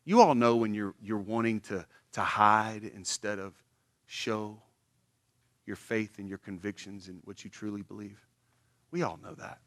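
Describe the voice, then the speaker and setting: Preaching at a church at a measured pace, this pastor has a fairly low voice and is heard in a dry recording. He animatedly performs little everyday skits, his voice rising sharply as he acts them out.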